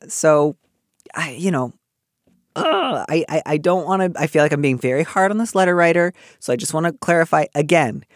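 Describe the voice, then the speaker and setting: A man's voice: a little high, dry recording, clean studio sound. A man co-hosting an advice podcast, talking casually and with animation, full of restarts and fillers.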